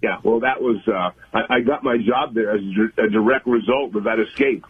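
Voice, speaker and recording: A man's voice: fairly low pitch, breathy edge. Older man on a tinny phone line. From California Central Coast. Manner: halting, many fillers, folksy. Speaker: guest. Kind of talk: phone-in radio interview.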